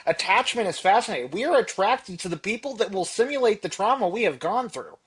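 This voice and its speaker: A man's voice: sits high, animated, brisk, a bit bright, breathy edge. A man co-hosting a podcast in casual reflective chat, explaining ideas earnestly with personal examples. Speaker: podcast co-host.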